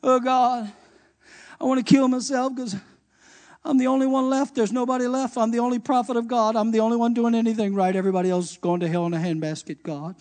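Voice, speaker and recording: A man's voice: extremely high pitch, flat delivery, quick pace, darkish tone. A man preaching while voicing a depressed prophet who complains that he is the only faithful one left. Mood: self-pitying. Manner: whining complaint. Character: despairing old male prophet, self-pitying.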